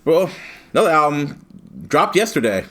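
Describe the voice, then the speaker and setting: A man's voice: fairly high pitch, sing-song, moderate pace, a bit bright. A man co-hosting a podcast, giving strong opinions in casual chat. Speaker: podcast co-host.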